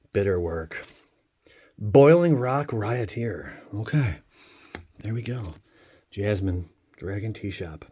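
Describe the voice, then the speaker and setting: A man's voice: lowish voice, expressive, takes it slowly, long pauses, warm tone, slightly rough. A man hosting a casual card-opening vlog, joking and talking straight to his viewers; he is a father of a young child. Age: adult father of a young child. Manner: playful, jokey, talks to viewers. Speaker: channel host opening card packs.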